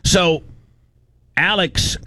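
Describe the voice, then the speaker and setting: A man's voice: high voice, drawn-out words, no echo. Ranting male radio host. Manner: animated storytelling, ranting, frequent restarts. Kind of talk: casual morning show chat. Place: radio studio.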